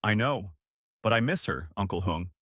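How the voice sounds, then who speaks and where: A man voicing a grieving young woman teacher who shouts and pleads through tears. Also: lowish voice, lively intonation, normal speed, no room sound, clean studio sound. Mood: tearful.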